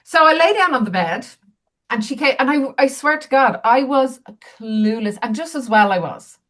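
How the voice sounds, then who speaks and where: A woman's voice: high-pitched, lively intonation, moderate pace, a bit bright. A woman, a healer and medium, telling candid, self-mocking stories as an interview guest. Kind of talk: casual interview storytelling.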